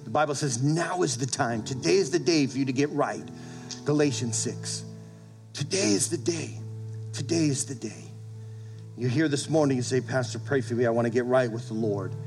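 A man's voice: medium pitch, darkish tone. A male pastor preaching a sermon to his congregation, emphatic, repeating phrases and restarting with stammers. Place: church service with congregation.

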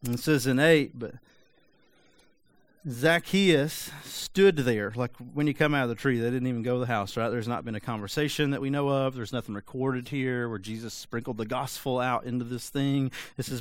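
A man preaching a sermon in a conversational, animated way with frequent rhetorical asides. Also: medium pitch, normal speed, no echo. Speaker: pastor.

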